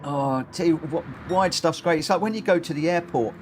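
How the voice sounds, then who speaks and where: A man hosting and commentating online racing in a chatty, excitable, jokey way over a live stream. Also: on the high side, moderate pace, faint music behind. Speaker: race commentator and lobby host. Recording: game audio noise behind.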